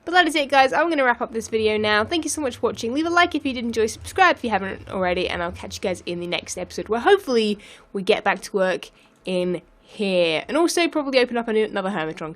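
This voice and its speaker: A woman with a slightly hoarse morning voice, chatting casually while commentating on her gameplay. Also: medium pitch. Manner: chatty, rambling with restarts. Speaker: Let's Play host.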